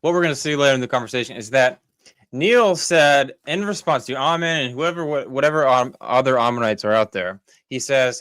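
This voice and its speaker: A man's voice: medium pitch, brisk, fairly bright tone, dry recording. Guy rambling thru commentary, lots of ums, fed up, dry close sound. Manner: rambling, with many fillers and restarts; critical, exasperated. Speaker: commentary host. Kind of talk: casual commentary over clips.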